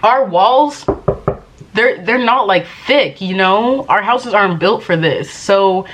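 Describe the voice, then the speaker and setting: A woman's voice: mid-range voice, lively intonation, slow pace, fairly bright tone. A woman vlogging in casual chat, rambling and exasperated, talking while she eats.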